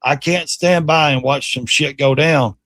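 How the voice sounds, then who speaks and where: A man's voice: fairly high pitch, fairly even intonation, unhurried, a bit bright, no room sound. A middle-aged man hosting a livestream, bluntly and animatedly commenting on clips, swearing and mocking. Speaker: livestream host. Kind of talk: casual commentary.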